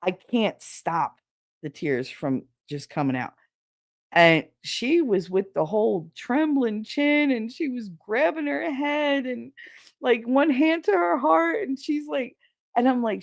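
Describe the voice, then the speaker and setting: A woman hosting a podcast, telling a story in a blunt, profane, animated way from her home office. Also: mid-range voice, unhurried. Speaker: podcast host. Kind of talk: casual storytelling.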